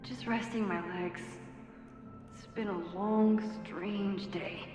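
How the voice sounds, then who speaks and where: An actress voicing a thoughtful, hesitant young woman in a video game, speaking her inner thoughts softly, heard as game audio with music. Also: medium pitch, fairly even intonation, takes it slowly, big-room sound, natural voice. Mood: gentle. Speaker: game protagonist.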